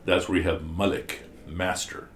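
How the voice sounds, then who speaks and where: Deep-voiced man teaching in an echoey room. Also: steady tone, moderate pace, a little hiss or hum. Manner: explanatory, asks the class questions, many restarts. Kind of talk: classroom commentary on scripture. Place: classroom.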